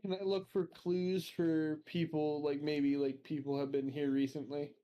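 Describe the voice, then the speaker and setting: A man's voice: fairly high pitch, flat delivery, measured pace, muffled recording, a little hiss or hum. A man playing a tabletop game casually, talking hesitantly with many fillers and restarts. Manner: hesitant, filler-heavy, laughs easily. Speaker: player.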